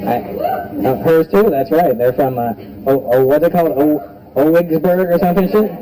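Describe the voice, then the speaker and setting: Speaking at normal speed in a slightly high voice, a man performs stand-up at a club, loose and profane, bantering with the audience and doing voices. It's a rough live recording, complete with the crowd and its laughter.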